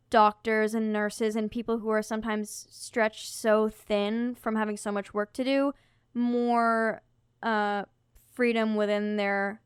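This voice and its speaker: A woman's voice: medium pitch, clear, resonant tone, no echo, clean studio sound. A young woman co-hosting a podcast, chatting casually and filling her talk with "like". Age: young adult. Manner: chatty, full of "like", mimics voices in anecdotes. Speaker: podcast co-host. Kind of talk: casual chat.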